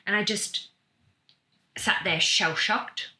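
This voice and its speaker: A woman's voice: mid-range voice, slow pace, bright, forceful tone. A woman talking as a guest, earnestly and emotionally recounting a personal experience, often restarting her sentences. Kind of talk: casual conversation, personal account.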